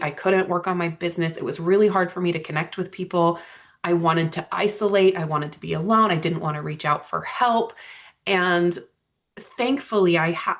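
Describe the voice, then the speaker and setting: A woman guest on a podcast, talking earnestly and reflectively about her healing work, often checking in with "right?". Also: lowish voice. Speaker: podcast guest, energy healer. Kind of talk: casual conversational interview.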